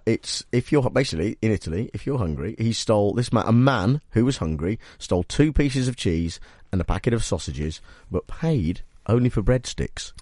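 A man's voice: lowish voice, a little mellow, no echo. A man hosting a radio show, chatting in a teasing, jokey way. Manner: teasing, jokey, mock DJ voice at times. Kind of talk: playful radio chat. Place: radio studio.

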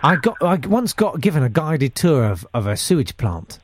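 A man's voice: fairly high pitch, big pitch swings, normal speed, background noise. A man hosting a casual radio chat, joking and rambling with lots of restarts. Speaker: radio host.

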